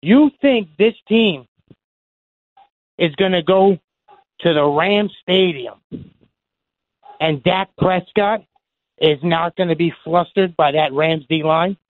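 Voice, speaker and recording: A man's voice: sits high, slow pace, pauses often, no room sound. A man with a strong New Jersey accent calls in to a sports talk show, pressing his case in an insistent, heated way. His voice comes through a thin, tinny phone line. The sound is dry. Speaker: caller. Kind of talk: call-in to sports radio.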